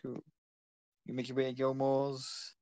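A man's voice: mid-range voice, monotone, a little slow, dark tone, no echo. A man runs a tabletop game, narrating in a loose, conversational way. His mid-range voice sounds dry and close. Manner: casual, loose narration with restarts. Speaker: game master.

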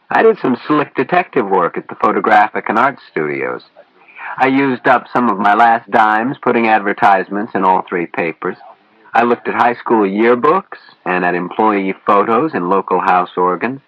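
A man's voice: lowish voice, lively intonation, moderate pace, no room sound, highs cut off. A man narrating an audiobook in the first person, with a wry, hard-boiled storytelling manner.

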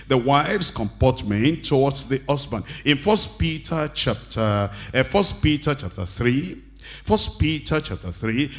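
A male pastor delivers a sermon in a voice of middling pitch. He reads scripture slowly and deliberately, then acts out quoted scenes, rising high and loud for angry bosses and dropping low and soft for humble apologies.

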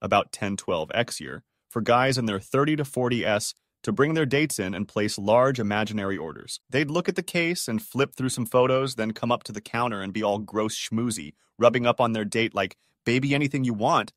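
A man reading online stories aloud as scripted narration, in a lively, animated way. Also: on the low side, normal speed, hardly any pauses, dry recording, studio quality. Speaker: story narrator.

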